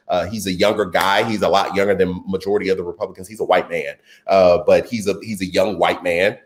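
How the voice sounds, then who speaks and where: A man hosting a live stream, reading viewers' comments and giving casual political commentary in an animated, excitable way that jumps into a high voice.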